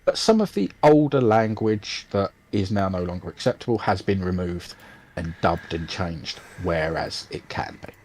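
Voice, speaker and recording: A British man co-hosting a podcast in casual chat, halting and full of ums and restarts. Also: low voice, lively intonation, darkish tone, low-quality recording. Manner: hesitant, lots of ums and restarts. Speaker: podcast co-host.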